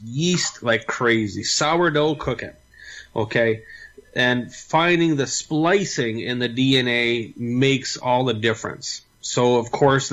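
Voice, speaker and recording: A man's voice: mid-range voice, a bit bright. A Canadian man co-hosting a radio talk show, explaining in a matter-of-fact way. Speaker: healer and show co-host. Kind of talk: casual radio chat.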